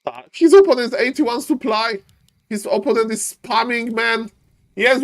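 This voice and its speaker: A man casting a live strategy game, excitable, repeating phrases and yelling advice at the players in non-native English. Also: extremely high pitch, moderate pace. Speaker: esports caster.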